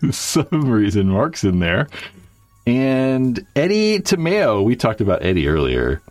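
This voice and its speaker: Chatting casually on a livestream, a YouTube host rambles at his viewers, swearing and using plenty of fillers. He has a fairly low-pitched voice, and the audio has no echo.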